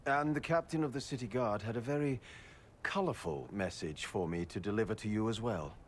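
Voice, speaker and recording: An actor voicing a prim, officious city seneschal. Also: male voice, on the low side, a little fast, a little hiss or hum, close to an everyday voice.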